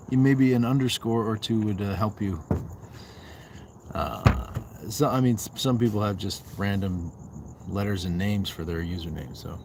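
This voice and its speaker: A man from the Southwest United States hosts a relaxed livestream, reading chat messages aloud and firing back quick, joking replies. His voice sits on the lower side. A faint outdoor hum of insects and passing traffic lingers behind him. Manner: playful, bantering, answers chat in quick asides. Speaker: livestream host. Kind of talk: casual livestream chat reading viewer comments. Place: outdoors on a walk.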